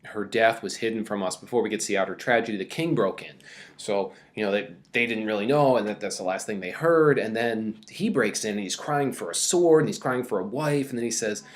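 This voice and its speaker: A man's voice: lowish voice, a little fast. A man teaching a casual recorded mini-lecture, talking loosely with many fillers and reading quoted passages aloud with more energy.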